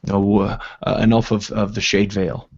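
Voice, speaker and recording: A man's voice: lowish voice, flat delivery, normal speed, gravelly, darkish tone, husky. A man voicing a sardonic, mocking half-elf in a tabletop game, rambling in a dry, teasing way. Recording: dull lo-fi recording.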